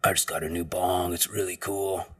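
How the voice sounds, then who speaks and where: A mellow stoner coworker in his mid-twenties rambles on in an easygoing tone, as a man puts him on while telling a story. The voice stays close to the teller's own, a little quieter and low-set. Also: little pitch movement, moderate pace, recorded from a distance.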